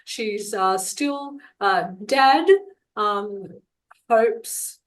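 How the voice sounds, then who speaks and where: A woman's voice: medium pitch, drawn-out words, fairly bright tone, rough recording. A middle-aged woman giving a live group medium reading. She talks in a chatty, affectionate way, laughs often and calls people darling. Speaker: psychic medium.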